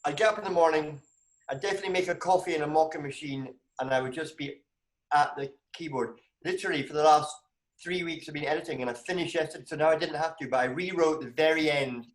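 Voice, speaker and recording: Animated Scottish man on a video call. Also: fast talker, reverberant. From Scotland. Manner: animated, bursts into high exclamations. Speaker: comedian guest. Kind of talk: casual video call chat.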